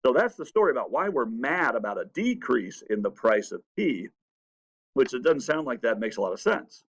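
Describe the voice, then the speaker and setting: A man teaching a history lesson, telling the story with animated, raised-voice quotes. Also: mid-range voice, normal speed. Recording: dull lo-fi sound.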